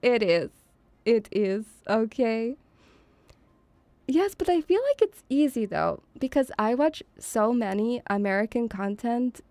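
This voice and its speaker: A young woman from Eastern Europe chats on a live stream with a high, bright voice and an unhurried pace. She teases and giggles, calling her viewers darling. The sound is close and dry. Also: lively intonation, no room sound. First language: an Eastern European language. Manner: bubbly and teasing, giggles often, calls viewers darling. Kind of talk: casual live-stream chat.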